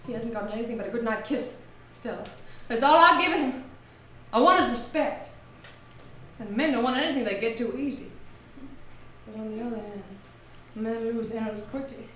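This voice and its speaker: An actress plays a fragile, vain woman past thirty who is clinging to her fading charm. The voice is high and fluttery, pleading and theatrical, and it rings through a big echoing hall from a distant mic. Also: a little fast, pauses often, a bit bright, natural voice. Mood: anxious. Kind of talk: live stage play acting. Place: theater stage. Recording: echoey hall, far mic, faint noise.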